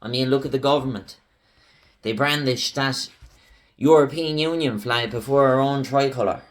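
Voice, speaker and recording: A man's voice: medium pitch, normal speed. A young Irish man, hosting his own channel, delivering a heated, ranting political commentary monologue. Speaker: channel host.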